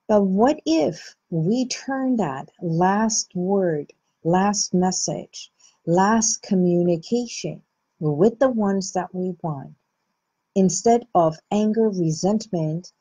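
A woman hosting a reflective self-help talk, speaking slowly and gently with soft pauses. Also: fairly low pitch, breathy edge, highs cut off. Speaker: host.

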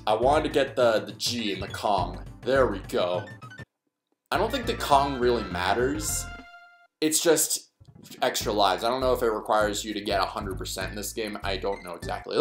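A man commentating a gameplay video in a rambling, self-deprecating way, thinking aloud as he plays. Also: fairly low pitch. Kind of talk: let's play commentary. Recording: echoey room with game music.

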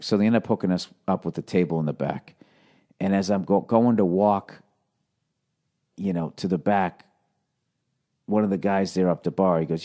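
A comedian and podcast host telling a story in casual, profane speech with an American accent. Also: male voice, low voice, brisk, long pauses. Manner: profane, animated, conversational.

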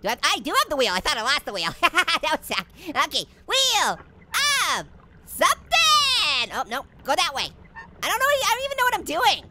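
A woman's voice: wildly swooping pitch, normal speed, background noise. A woman voicing a hyper, giggly cartoon orange who rambles and jokes through a let's play commentary. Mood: goofy. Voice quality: squeaky, bouncy, silly. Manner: rambling, joking, giggling at own gags. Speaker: gameplay commentator.

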